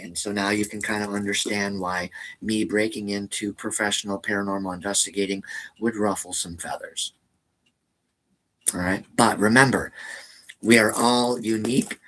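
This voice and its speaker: A man's voice: deep voice, a bit bright, rough recording. A man hosting a casual live stream, rambling to viewers and often tagging his sentences with "all right?". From American Midwest. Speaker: channel host.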